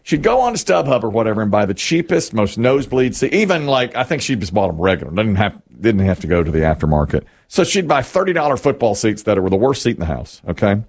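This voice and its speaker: Gravelly, lively storytelling radio host man. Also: fairly low pitch, fast, few pauses. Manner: storytelling, playful exaggeration. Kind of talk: casual sports talk radio chat.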